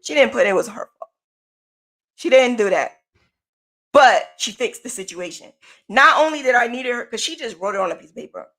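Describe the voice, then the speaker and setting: A podcast host from the United States, this woman recounts events in a casual, emphatic way and hammers her points home through repetition. Her voice sits a little high. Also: normal speed, pauses often. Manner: animated, emphatic, repeats points. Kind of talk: casual storytelling.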